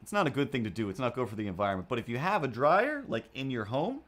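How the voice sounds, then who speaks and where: Male streamer, mid-range voice, loose chatty storyteller, lots of "like" and restarts, odd hard-to-place accent. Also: fast. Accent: self-made, hard to place. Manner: rambling, with frequent restarts and fillers; animated, jumps into squeaky voices for the people he quotes. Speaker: livestream host. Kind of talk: casual storytelling while drawing.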